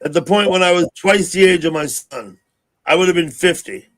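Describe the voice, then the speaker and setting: A sixty-year-old man hosting a casual livestream chat, rambling and thinking out loud. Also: high-pitched, normal speed. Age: 60s. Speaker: livestream host.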